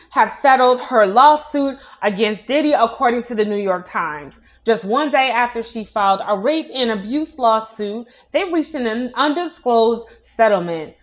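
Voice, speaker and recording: A young adult woman hosting a casual celebrity news show, chatty and opinionated, with many asides. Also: a little high. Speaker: news host.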